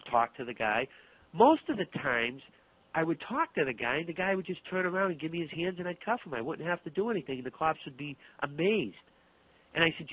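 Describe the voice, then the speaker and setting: A man's voice: fairly high pitch, breathy edge, poor audio. A middle-aged man from the Boston area, a martial arts instructor, telling stories in an interview and acting out the dialogue. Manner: animated storyteller, acts out dialogue, repeats words. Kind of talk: storytelling interview.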